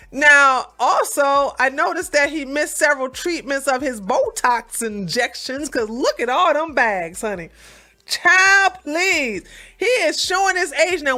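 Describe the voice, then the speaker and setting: A woman hosting a reaction commentary, talking in a sassy, mocking, animated way. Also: high-pitched. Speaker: commentary host.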